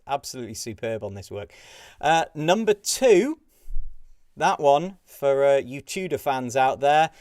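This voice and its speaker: Brief: male quiz host, casual and chatty, mid pitch, dry close recording. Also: darkish tone, no room sound. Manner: chatty, giggles at pictures, frequent fillers. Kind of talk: casual live-stream quiz answer run-through.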